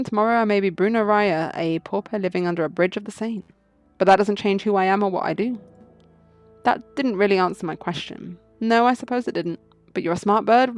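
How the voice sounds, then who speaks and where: A woman's voice: medium pitch, close to an everyday voice. A woman voicing a suave male fox fugitive who speaks in a poised, riddling storyteller manner.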